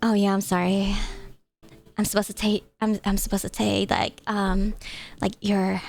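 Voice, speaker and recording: A woman's voice: medium pitch, steady tone, a little slow. A young woman streamer chatting casually with her audience on a live stream, playful and jokey, swearing freely.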